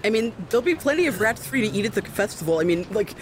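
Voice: medium pitch, big pitch swings, rapid-fire, a little hiss or hum. A player in a tabletop game, rambling and mock-earnest.

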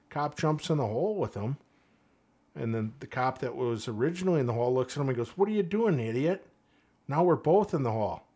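A man's voice: mid-range voice, a little mellow. A man speaking as a podcast guest, earnest and plain-spoken, telling a story and acting out the lines of its characters. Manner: earnest, storytelling with quoted voices. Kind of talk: casual podcast conversation.

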